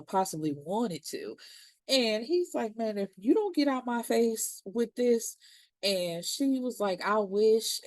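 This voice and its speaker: A woman's voice: medium pitch, a little mellow, no echo. A woman recapping a TV episode in a casual, slangy way, acting out the characters' lines as she goes. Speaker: TV series reviewer.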